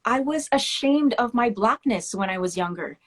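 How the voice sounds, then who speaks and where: A woman of West Indian heritage talking candidly as an interview guest, telling animated stories about her work and childhood. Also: fairly high pitch, moderate pace. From West Indian family. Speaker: guest, children's book author. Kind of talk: casual interview talk.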